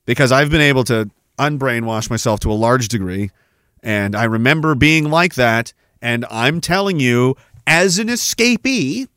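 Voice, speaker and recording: A man's voice: mid-range voice, lively intonation, normal speed, fairly bright tone, smooth, no echo, clean studio sound. A man hosting a podcast, delivering a profane, rambling monologue rant. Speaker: podcast host. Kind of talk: ranting monologue.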